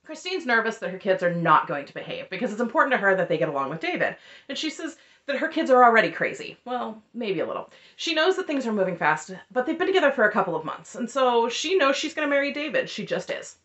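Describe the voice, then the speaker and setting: A woman's voice: fairly high pitch, fast. A woman in her thirties chatting casually and wryly as she retells a reality show. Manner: chatty, wry, lively retelling with quoted voices. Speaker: recap host. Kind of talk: casual chat recap.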